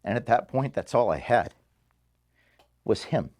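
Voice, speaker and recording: Man in his thirties, office farewell to staff, halting, mid pitch, filmed in the room. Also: lively intonation, a little mellow. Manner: halting, emotional, pauses and restarts. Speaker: organization founder addressing staff. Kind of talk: emotional farewell speech. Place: office, indoors.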